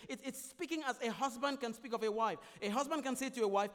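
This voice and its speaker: High-voiced preacher in a reverberant hall. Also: male voice, fast talker. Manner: emphatic, repetitive preaching with swings between loud and soft. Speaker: pastor. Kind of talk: sermon.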